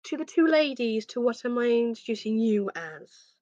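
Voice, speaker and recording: A woman's voice: on the high side, lively intonation, moderate pace, a little mellow, no echo, lo-fi sound, close to an everyday voice. Woman putting on a stiff formal butler. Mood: pointed. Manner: stiffly polite, formal phrasing. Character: immaculate, formal middle-aged male human butler.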